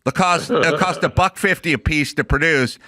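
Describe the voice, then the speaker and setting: A man's voice: fairly high pitch, moderate pace, bright, forceful tone, no room sound, studio quality. A middle-aged man co-hosting a podcast, riffing in comedic casual chat and acting out voices and sound effects. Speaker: podcast co-host.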